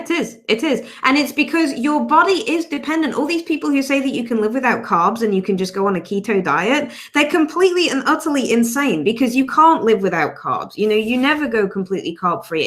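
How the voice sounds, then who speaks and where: Podcast host, woman, lively storyteller who acts out bits of dialogue. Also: fairly high pitch, fairly quick, few pauses. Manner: animated storyteller, acts out quotes. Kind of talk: casual podcast conversation.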